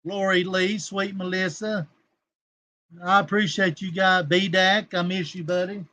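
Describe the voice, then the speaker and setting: A man hosts a casual livestream, his voice sitting high for a man. He rambles, turns combative and coarse, and breaks off to greet viewers in his chat by name. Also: flat delivery, a little slow, bright, forceful tone. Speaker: livestream host.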